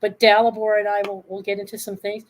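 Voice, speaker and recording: A woman's voice: mid-range voice, completely flat delivery, fast. A woman in her sixties speaking bluntly and passionately in a candid live discussion. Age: 60s. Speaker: panel guest.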